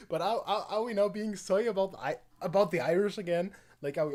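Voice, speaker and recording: A man's voice: high voice, moderate pace, darkish tone. A man streaming live, reacting to a video with rambling, mocking commentary, full of fillers and laughs.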